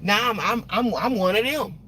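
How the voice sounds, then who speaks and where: A woman venting on a phone live stream from her parked car, rambling and repeating herself, with sudden loud outbursts. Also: mid-range voice, expressive, normal speed, slight background noise. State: upset after losing her job. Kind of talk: casual venting monologue. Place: parked car in a parking lot.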